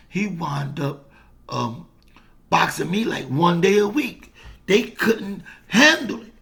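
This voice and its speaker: Gravelly, high-pitched animated older man. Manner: animated storytelling, repeats words, swears freely. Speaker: boxing coach and former fighter. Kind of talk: casual boxing talk to camera.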